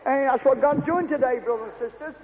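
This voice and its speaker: A man's voice: extremely high pitch, quick pace, a little mellow. An older man preaching a fervent, repetitive revival sermon to a congregation in a meeting hall.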